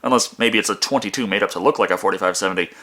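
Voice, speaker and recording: A man narrating a comedic movie review in a sarcastic, profane, animated way. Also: lowish voice, rapid-fire.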